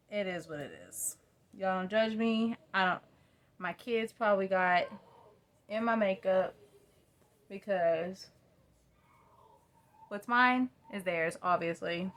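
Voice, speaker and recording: A woman's voice: mid-range voice, a bit bright. A young woman with a drawl talks casually to her phone camera at home. She rambles, laughs at herself and chats with her viewers while she does her makeup. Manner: chatty, rambling, self-deprecating. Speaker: vlogger. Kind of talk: casual get-ready-with-me chat. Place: at home by a mirror.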